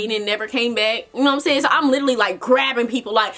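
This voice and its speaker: A young adult woman vlogger telling a casual story, animated and chatty, talking straight to her viewers. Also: a little high, fast talker, hardly any pauses, faint music behind.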